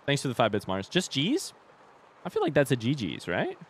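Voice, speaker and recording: A young man live-streaming a video game, reacting loudly and swearing when hit while chatting with viewers. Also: mid-range voice, moderate pace, slight background noise. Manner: excitable, swears and yelps when hit, reads chat aloud. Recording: game music behind voice. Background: game music.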